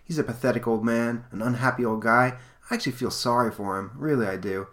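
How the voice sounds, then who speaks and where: A man's voice: mid-range voice, fast, a bit bright, lightly acted. A man voicing a kind, sweet little boy in a comic he reads aloud. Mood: gentle. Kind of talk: comic read aloud on a podcast.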